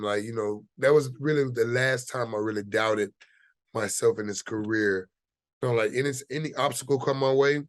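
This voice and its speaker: A man's voice: medium pitch, moderate pace, no room sound. A man guest in an interview, talking casually and telling his story with lots of fillers. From United States. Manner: easygoing storytelling, many fillers. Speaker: actor guest.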